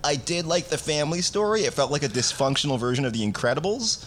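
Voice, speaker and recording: A man's voice: fairly high pitch, expressive, quick pace, fairly bright tone, slight background noise. A man co-hosting a casual movie-review chat, talking in a profane, jokey way. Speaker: podcast co-host.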